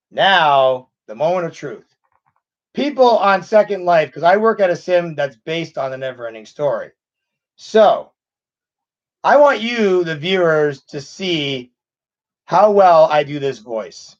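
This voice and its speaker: A man's voice: a little high, sing-song, measured pace, dull audio. A man in his thirties chatting casually as a host answering viewer questions, rambling with restarts. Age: 30s. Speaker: channel host. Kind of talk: casual live Q&A chat.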